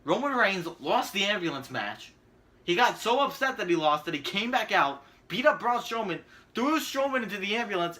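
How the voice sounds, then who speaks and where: A man's voice: high voice, bright, forceful tone. A man giving a profane, sarcastic ranting video commentary as a vlogger.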